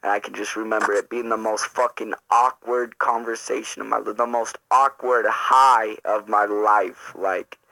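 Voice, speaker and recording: Bright-voiced man telling a profane story. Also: on the low side, fairly even intonation, a little slow, vocal fry, few pauses, low-quality recording. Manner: profane, rambling, heavy fillers. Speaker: storyteller vlogger. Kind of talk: casual storytime.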